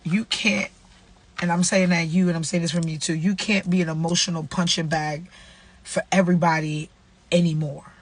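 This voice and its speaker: A woman's voice: lowish voice, flat delivery, moderate pace. A woman, casually sharing faith advice and reading a devotional aloud, repeating herself and using slang. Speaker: vlogger running a nonprofit.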